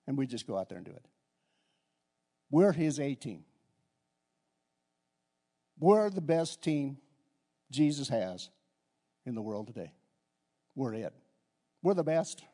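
An older man preaching from the pulpit with a fairly high voice. He is animated and swings between quiet, confiding asides and loud, ringing exclamations. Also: unhurried, pauses often. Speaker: pastor. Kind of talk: sermon.

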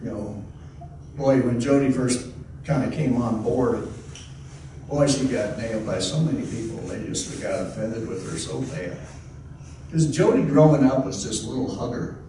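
Pastor preaching in an echoey church. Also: male voice, medium pitch, normal speed, mellow. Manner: conversational, repeats and restarts, folksy exclamations. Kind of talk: sermon. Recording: echoey hall, distant mic, faint noise.

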